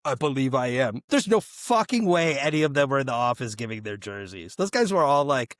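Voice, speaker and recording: A young man co-hosting a casual sports podcast, wandering through his stories with plenty of fillers and the odd curse. His voice sits in an ordinary middle pitch. The sound is close and dry, with no room around it. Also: big pitch swings, brisk, dry recording. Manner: rambling, loose storytelling with fillers and profanity. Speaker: podcast co-host. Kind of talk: casual chat.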